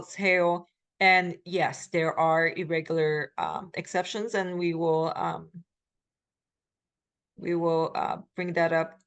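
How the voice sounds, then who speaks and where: A middle-aged woman, the instructor, gives a recorded language lecture, explaining things patiently with frequent ums and pauses. Her voice is lowish.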